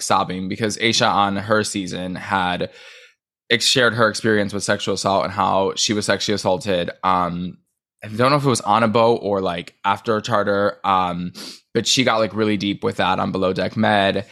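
Low-voiced man recapping reality TV. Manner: fast, animated recapping with filler words. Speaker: podcast co-host. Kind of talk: casual podcast chat.

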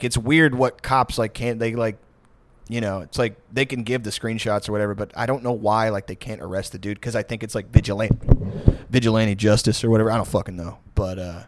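A man's voice: on the low side, fairly even intonation, a little fast, dry recording. Male co-host, loose foul-mouthed storyteller who laughs through his own anecdotes, dry close sound. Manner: rambling storyteller, swears a lot, laughs often. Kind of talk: casual chat.

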